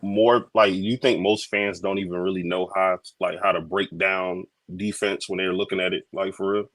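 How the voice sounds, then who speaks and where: A man's voice: sits low, steady tone, normal speed, fairly bright tone, no room sound. A man on a sports debate panel, asking casual, probing questions.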